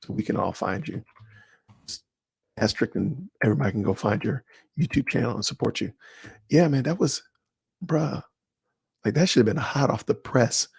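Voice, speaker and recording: A man hosting a livestream, chatting casually and answering viewers by name in an animated, slangy way. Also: mid-range voice, normal speed, gravelly, long pauses, husky, no echo, clean studio sound. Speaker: livestream host. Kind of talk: casual livestream chat reading comments.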